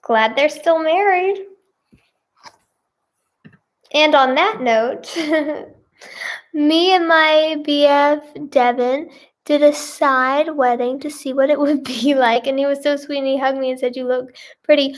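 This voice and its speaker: A woman's voice: sits high, slow pace, pauses often. A woman giving casual reaction commentary, reading posts aloud with giggly, exclamatory remarks. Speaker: singer and video creator.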